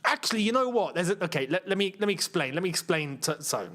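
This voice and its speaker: English guy streaming a football watchalong, high voice that jumps all over, rambly chatty explaining. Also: expressive, fast, fairly bright tone. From England. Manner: chatty, explains at length with fillers and repeats. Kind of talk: casual live-stream chat and commentary.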